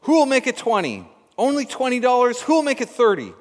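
A man voicing an eager male auctioneer, calling out bids loudly and rapidly. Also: very high voice, wildly swooping pitch, in a large hall, pitched above the performer's own voice, exaggerated voice. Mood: coaxing. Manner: loud, rapid bid-calling.

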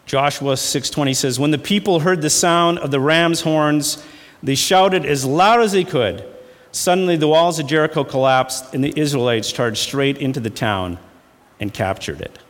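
A man delivers a sermon, hammering points home through repetition and slipping into a relaxed, folksy storytelling voice. His voice sits a little high for a man. The sound carries the long reverb of a hall. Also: moderate pace. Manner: emphatic, repeats phrases for effect; folksy storytelling with fillers and laughs. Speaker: pastor.

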